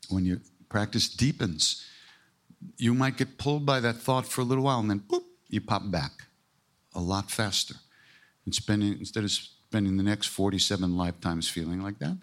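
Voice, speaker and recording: An older man giving a casual spiritual talk as a podcast host, emphatic and irreverent, with blunt swearing and self-mocking jokes. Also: fairly low pitch.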